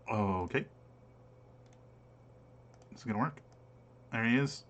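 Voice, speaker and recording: A man running an online tabletop game as game master, pausing often with fillers as he explains the rules. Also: on the low side. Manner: hesitant, many filler pauses while explaining rules.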